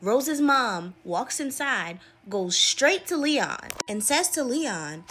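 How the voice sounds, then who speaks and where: Animated laughing woman storyteller. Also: on the high side, slow pace, slight background noise. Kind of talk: casual storytelling.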